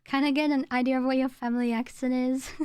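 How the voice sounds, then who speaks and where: A woman's voice: high-pitched, little pitch movement, brisk, a little mellow, clear, resonant tone, no echo, clean studio sound. A young woman, chatting casually with her stream chat, rambling and laughing as she goes. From England.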